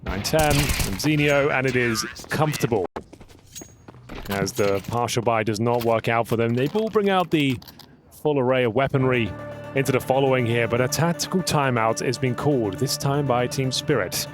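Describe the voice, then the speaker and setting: A man's voice: mid-range voice, moderate pace, music in the background. A man commentating a competitive esports match, calling the action with dry, teasing banter. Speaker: esports caster. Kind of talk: play-by-play commentary. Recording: broadcast mix with game sounds underneath.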